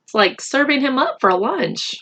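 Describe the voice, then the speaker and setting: A woman teacher reading a picture book aloud to children, expressive and stopping to count along with them. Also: high voice, normal speed. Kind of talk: read-aloud storytime.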